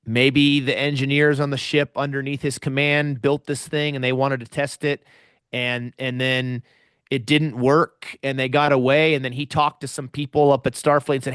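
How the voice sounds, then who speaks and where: A man co-hosting a podcast talks in a relaxed, thoughtful way, often stumbling over the first word as he gets going. His voice sits in a middle pitch. The recording is dry and close to the mic. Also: normal speed, clean tone, no echo. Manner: reflective, repeats words when starting sentences. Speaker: podcast co-host. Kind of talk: casual chat.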